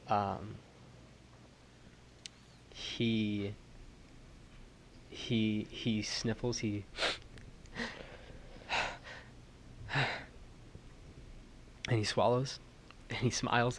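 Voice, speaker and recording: A man playing a tabletop role-playing game, describing his character in slow, hushed, emotional storytelling. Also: on the low side, a little hiss or hum. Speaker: player.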